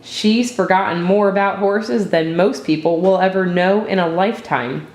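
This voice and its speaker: A woman's voice: mid-range voice, normal speed, a little mellow, lightly acted. A woman voicing a father who speaks earnestly and with pride, recorded in an echoey room. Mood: proud. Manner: earnest, proud. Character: admiring father introducing his daughter.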